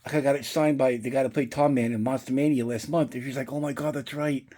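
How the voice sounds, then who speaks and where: A middle-aged man talking loosely to his viewers, swearing freely and wandering off into side stories. His voice is dark and mellow with a husky edge. He sounds relaxed and conversational, like a regular vlogger showing off his collection. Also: medium pitch, fast talker. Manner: rambling, profane storytelling. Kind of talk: casual unboxing chat.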